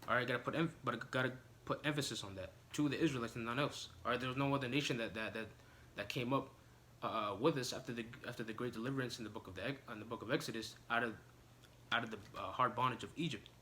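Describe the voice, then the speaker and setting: A man teaching scripture in an informal sermon, halting with many fillers and restarts and slowing down to read verses aloud. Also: medium pitch, fairly even intonation, sharp tone, slight background noise. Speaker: preacher.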